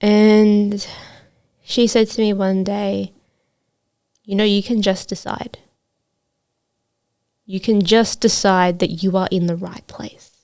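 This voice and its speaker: A woman's voice: medium pitch, level tone, slow pace, long pauses, darkish tone, clear, resonant tone. A woman hosting a solo podcast as a trades coach, talking in an earnest, motivational way with frequent fillers.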